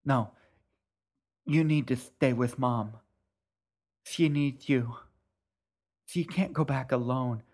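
A man's voice: on the high side, lively intonation, a little slow, darkish tone, pitched above the performer's own voice. A man voicing a determined young girl who pleads, her voice breaking. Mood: tearful.

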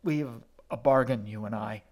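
A man doing a calm, mild older brother. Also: mid-range voice, normal speed, close to an everyday voice. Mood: firm. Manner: mild and level. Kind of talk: audiobook character voice.

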